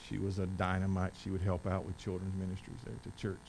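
A man in his forties preaching a sermon in a church, reading scripture loudly and with force, then telling stories in a quieter voice. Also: sits low, monotone, quick pace, gravelly, a little hiss or hum, low-quality recording. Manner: rises to loud emphatic preaching when reading scripture, drops to quiet storytelling. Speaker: pastor. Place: church service.

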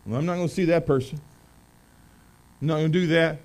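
A man preaching a sermon to his church, folksy and conversational, swinging between loud emphasis and quiet asides. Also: a little high, fairly even intonation, brisk, low-quality recording. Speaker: pastor. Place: church sanctuary.

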